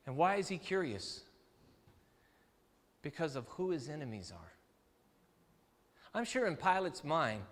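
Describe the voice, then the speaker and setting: A male pastor preaching a sermon, telling the story with lively, acted-out quotes. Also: on the high side, in a large hall. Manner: animated storytelling preacher, acts out quoted voices. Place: church sanctuary.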